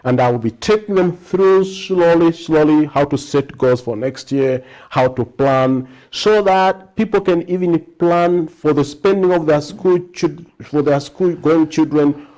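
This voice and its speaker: A man's voice: fairly high pitch, measured pace, few pauses, darkish tone. A man in his fifties from Zambia, a guest economist answering interview questions in an earnest way, with repeated lists and stammered starts.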